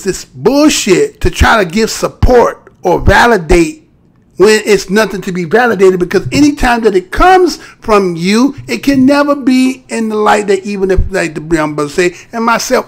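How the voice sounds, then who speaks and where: A man's voice: sits high, animated, moderate pace, vocal fry. A man hosting a live stream, giving heated, profane commentary and mocking voices. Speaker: live show host.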